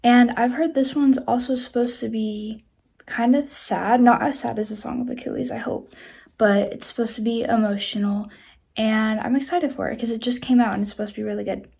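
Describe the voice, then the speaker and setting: A woman's voice: on the high side, fairly even intonation, brisk, gravelly, darkish tone, husky. A woman recording a casual reading vlog on her phone, chatty and effusive, filling her talk with "like.". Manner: chatty, heavy use of "like" fillers; emotional and effusive about books. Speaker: book vlogger.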